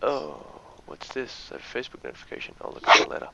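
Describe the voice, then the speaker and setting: A man's voice: medium pitch, very animated, quick pace, gravelly. An Australian man doing chatty, jokey live-stream commentary on a game match. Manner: chatty, jokey, gives shoutouts. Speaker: esports commentator. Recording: dull lo-fi stream audio, faint noise.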